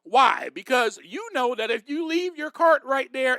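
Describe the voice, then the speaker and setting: A man with a high, bright voice delivers a recovery advice monologue to his listeners. He talks in a direct, emphatic, preaching way. The sound is dry and close, with no room echo. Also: very animated, a little slow, creaky. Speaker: podcast host.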